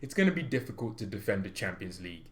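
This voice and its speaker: A man vlogging as a football fan, ranting in a loud, playful, exaggerated way and jumping into comic asides. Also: lowish voice, fast. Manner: swings from mock-romantic murmur to loud excited ranting. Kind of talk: animated fan rant.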